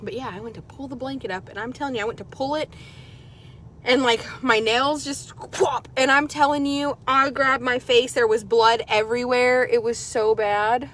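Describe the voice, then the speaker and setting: A woman vlogger chatting casually from her car, telling a story in an animated way and swearing often. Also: fairly high pitch, moderate pace. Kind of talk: casual chat. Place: car while driving. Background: vehicle noise.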